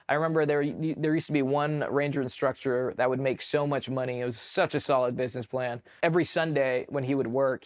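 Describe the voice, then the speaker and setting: Male veteran guest from California: casual, filler-heavy, animated, swears freely. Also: medium pitch. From California, USA. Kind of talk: casual storytelling.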